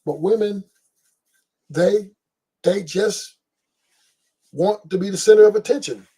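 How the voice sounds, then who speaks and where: High-voiced profane man ranting on a podcast. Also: slow pace, slightly rough. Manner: profane, boisterous, animated asides. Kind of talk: casual storytelling rant.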